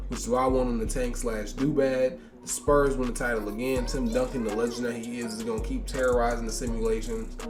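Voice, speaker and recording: A young man, chatting casually through a sports game simulation and reacting to player stats, tired and yawning after a long day of recording. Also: mid-range voice. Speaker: gaming YouTuber.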